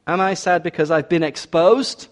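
A man preaching a sermon in an earnest, measured way, often asking his listeners rhetorical questions. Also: on the high side.

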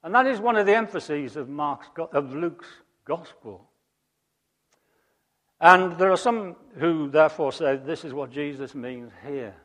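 A man preaching a sermon, emphatic, rising to loud high peaks and dropping to quiet asides. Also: a little slow, pauses often. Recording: long hall reverb.

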